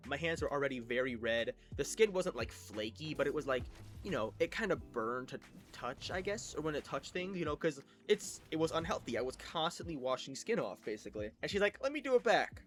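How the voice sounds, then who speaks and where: A young man telling childhood stories in a rambling, self-mocking way, acting out quotes with sudden loud bursts. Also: mid-range voice, expressive, fairly quick, soft background music. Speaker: storytime creator. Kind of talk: casual storytelling.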